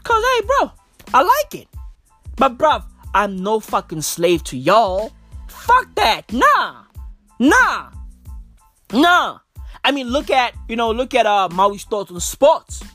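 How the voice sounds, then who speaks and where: A woman's voice: fairly high pitch, very animated, takes it slowly, a bit bright, faint music behind. A woman hosting a podcast, ranting casually in a brash, profane, emphatic way full of slang. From South Africa. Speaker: podcast host. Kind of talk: casual rant.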